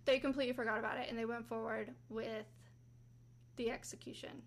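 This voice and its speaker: A woman with a slightly high voice retells a true-crime story in a relaxed, chatty podcast style. She drifts between narration and quick acted-out quotes, with asides to her co-host. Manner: chatty, acts out quotes with rising pitch.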